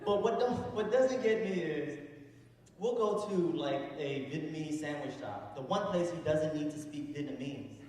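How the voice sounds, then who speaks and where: A man's voice: on the high side, moderate pace. A man in his thirties doing a stand-up comedy set, acting out voices, recorded from a distance in a noisy hall with laughter behind. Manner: animated, acts out voices and mock accents. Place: large hall before a live audience. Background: audience laughter.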